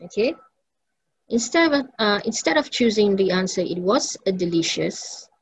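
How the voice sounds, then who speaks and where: A woman's voice: mid-range voice, animated, moderate pace, a little hiss or hum, poor audio. A woman English teacher, giving a recorded lesson and patiently repeating each example sentence.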